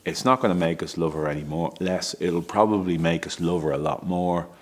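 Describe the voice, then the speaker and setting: A middle-aged man with a very deep, low-pitched voice tells a personal story about his family. He speaks candidly and emotionally, often stumbling, restarting his sentences and breaking into small laughs. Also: fairly quick. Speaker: father telling a personal story.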